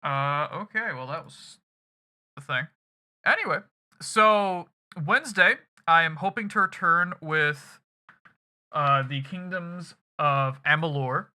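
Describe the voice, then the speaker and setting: This is a streamer's casual goodbye chat at the end of a gaming session, with plenty of swearing and rambling over background music. His slightly high voice is expressive and sharp, and he takes his time.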